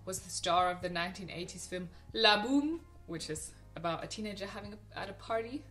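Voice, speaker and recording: Young woman, casual vlog chat, gushing, bright tone, frequent ums, faint music behind. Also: medium pitch, brisk. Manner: chatty, gushing, lots of ums and restarts. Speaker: film vlogger. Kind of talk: casual film recommendations to camera.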